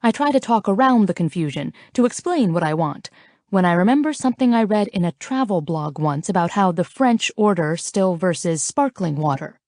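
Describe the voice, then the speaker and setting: A woman reads a first-person romance audiobook with a playful, flirty, teasing lilt. Her voice sits on the low side. The recording is dry and close, as if made in a booth. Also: lively intonation, moderate pace, darkish tone, no room sound. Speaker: audiobook narrator.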